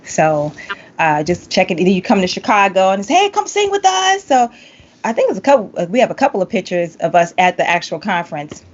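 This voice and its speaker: A woman hosting a podcast, telling a lively story in casual chat and acting out quotes with big jumps in pitch. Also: fairly quick. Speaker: podcast host, vocal coach. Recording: slightly muffled lo-fi sound.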